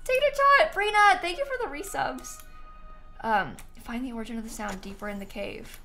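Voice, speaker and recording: Young female game streamer: casual, chatty, quick to laugh, with a slightly high voice and keyboard clicks behind. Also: animated, pushed and bright, soft background music. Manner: chatty, reads quest text aloud, laughs easily. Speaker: gaming streamer. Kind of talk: casual live-stream commentary.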